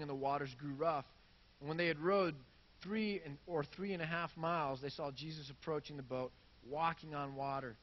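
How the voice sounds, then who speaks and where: A man's voice: fairly high pitch, highs cut off. A man preaching a sermon in a casual, conversational way, reading scripture and acting out the crowd's reactions. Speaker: pastor.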